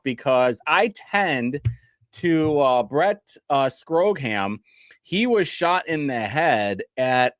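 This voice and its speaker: A man's voice: on the high side, dry recording, clean studio sound. A tipsy man hosting a comedic talk show, rambling and joking with many fillers and restarts.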